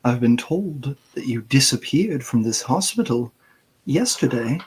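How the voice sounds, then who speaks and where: A man voicing a stern older mother who speaks slowly, pointedly and accusingly. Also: mid-range voice, expressive, darkish tone, husky, rough recording. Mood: suspicious.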